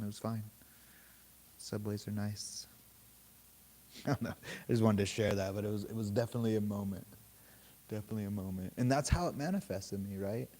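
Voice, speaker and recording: A man leading a meditation group, telling a story in a relaxed, casual way, swearing freely and laughing often. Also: fairly low pitch. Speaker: meditation teacher. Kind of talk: casual dharma talk.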